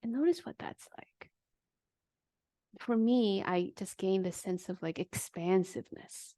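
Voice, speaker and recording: Calm woman coaching a workshop. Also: mid-range voice, a little slow, dry recording, clean studio sound. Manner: calm, guiding, asks the audience questions. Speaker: negotiation coach leading a workshop. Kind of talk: live online workshop teaching.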